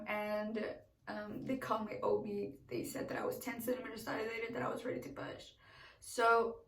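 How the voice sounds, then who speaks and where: A woman's voice: fairly high pitch, distant mic. A young woman chattily telling her birth story as a vlog, acting out the quotes. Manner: chatty, animated, acts out quotes. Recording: echoey room, away from the mic.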